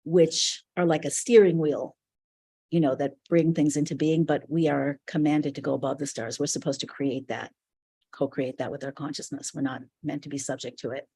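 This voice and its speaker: Mellow, husky woman teaching online. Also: low-pitched, fairly even intonation, moderate pace. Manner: earnest, reflective, speaks in loose flowing phrases. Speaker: spiritual teacher leading an online class. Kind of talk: live online teaching session.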